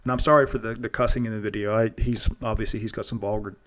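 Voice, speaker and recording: A man's voice: on the low side, level tone, fast, a bit bright. A man hosting a casual monologue show, rambling and earnest, often restarting and repeating words. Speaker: podcast host.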